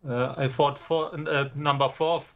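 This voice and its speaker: A German-accented man calls in to a sports show and talks in a hesitant, halting way. His voice is muffled and lo-fi. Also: fairly high pitch, steady tone, vocal fry. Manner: hesitant, halting, many pauses. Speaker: caller.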